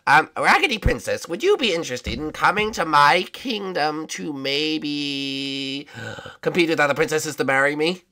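A man playing a goofy, lovesick old wizard king who rambles and stumbles through his words. His pitch leaps all over the place, and his talk is full of ums and nervous restarts. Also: expressive, measured pace, bright, forceful tone. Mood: bumbling. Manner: rambling, hesitant, lots of ums. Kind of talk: voicing a character over gameplay.

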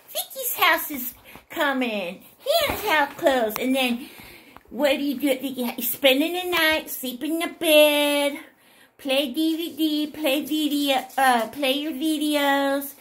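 Lady talking to a kid in slow sing-song, high voice, noisy home video. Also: a bit bright. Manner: slow, simple, sing-song talk to a child. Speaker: vlogger talking to a child. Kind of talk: casual video message.

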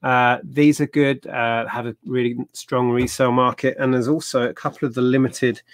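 A man's voice: medium pitch, level tone, normal speed. Guy chatting away on a haul stream, rambling, laughs a lot. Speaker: co-host of a resale haul livestream. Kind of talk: casual chat.

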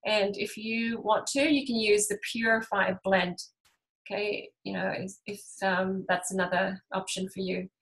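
A woman's voice: medium pitch, fairly even intonation, a little slow, a bit bright, low-quality recording. A woman in her thirties hosting a casual essential oils class, telling stories with lots of laughs and fillers. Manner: chatty, laughing storyteller, many fillers. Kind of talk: casual talk to a group.

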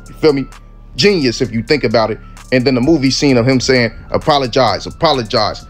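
Dude narrating clips, chill slang, low music bed behind him. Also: male voice, fast talker. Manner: laid-back street slang, conversational. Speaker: commentary channel host. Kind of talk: casual commentary over clips.

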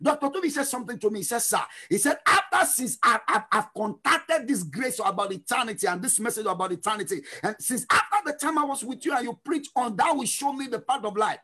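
A middle-aged man preaching a fervent sermon, shouting refrains and breaking into sung lines. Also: very high voice, expressive, fairly quick, hardly any pauses, slightly rough. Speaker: pastor.

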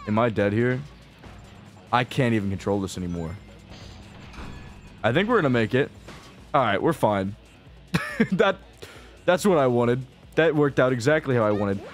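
A man's voice: very animated, normal speed, long pauses. Young man swearing through gameplay commentary. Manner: frustrated, swearing, rambling, mutters low then bursts out. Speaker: gaming video creator. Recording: faint game music behind.

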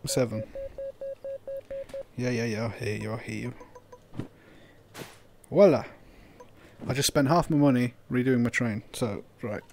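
A young man giving casual, sweary gameplay commentary, swinging into loud disbelief and laughter. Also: mid-range voice, expressive, unhurried, gravelly, long pauses, background noise. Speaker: gaming YouTuber.

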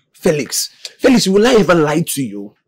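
An insistent young man stammers as he swears to a friend. His voice is husky, dry and moves widely in pitch. He speaks with a Nigerian accent. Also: wildly swooping pitch, moderate pace, dry recording, full character voice.

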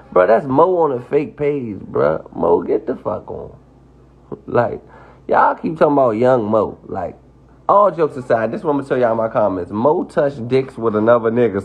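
Guy going off on a livestream, husky voice, pitch all over the place, muffled lo-fi sound. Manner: defiant, profane, repetitive rant. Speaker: social media personality. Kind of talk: livestream rant.

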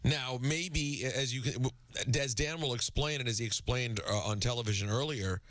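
A man's voice: mid-range voice, a bit bright, dry recording. A man co-hosting sports talk radio in a casual, agreeable way, often restarting his sentences. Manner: easygoing, agreeable, halting.

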